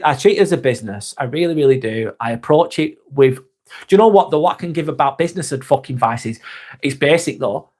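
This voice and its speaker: A man with a Lancashire accent hosting a casual live vlog, talking bluntly, swearing freely and calling people mate. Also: a little high. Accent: Lancashire English. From North West England. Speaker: live vlog host reading chat. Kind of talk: casual live-stream chat.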